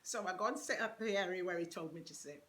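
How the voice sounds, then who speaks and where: A woman telling a personal story in a casual vlog, animated and laughing often. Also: lowish voice, quick pace.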